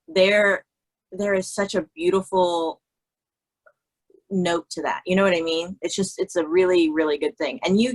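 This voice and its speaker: A woman's voice: on the low side, poor audio. A woman, a makeup artist, talking in a casual conversation, chatty and laughing, often restarting her sentences. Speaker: guest, cosmetologist and makeup artist.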